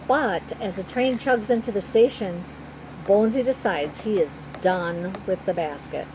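A woman narrating a children's story in the first person with a gentle, even storytelling manner. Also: mid-range voice, a little slow, background noise.

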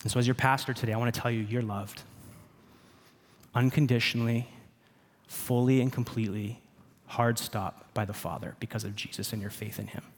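Earnest pastor preaching in a reverberant hall. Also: male voice, medium pitch, steady tone, brisk, long pauses. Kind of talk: sermon. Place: church sanctuary.

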